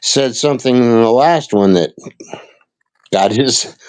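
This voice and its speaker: Slow, earnest man, guest on a stream. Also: medium pitch. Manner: slow, earnest, repeats himself. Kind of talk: casual livestream chat.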